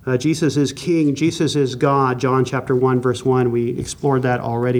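A man teaching a Bible class from an outline, earnest and emphatic, slowing down to stress key points. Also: medium pitch, little pitch movement, a little mellow. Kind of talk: sermon-style Bible teaching.

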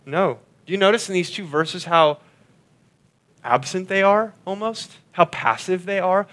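A man preaching a sermon, earnestly expounding scripture and slowing down and dropping his voice on key lines. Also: on the high side, fairly bright tone. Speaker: pastor.

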